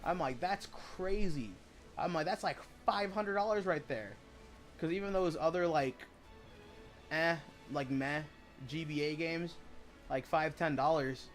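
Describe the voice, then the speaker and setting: A man's voice: on the high side, measured pace, soft background music. A man chatting casually while he streams a video game, rambling and swearing as he retells stories.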